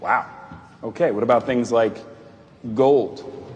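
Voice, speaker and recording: A man's voice: medium pitch, slow pace, a little mellow, muffled recording, a little hiss or hum, natural voice. An actor playing a man briefing others in a film clip, persuasive and scripted. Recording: film clip with long reverb and faint music.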